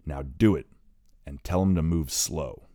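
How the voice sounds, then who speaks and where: A man with a very deep voice playing a menacing armed man who questions his captives calmly in an audiobook. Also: a little slow, no room sound, clean studio sound. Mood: commanding. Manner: calm, commanding interrogation.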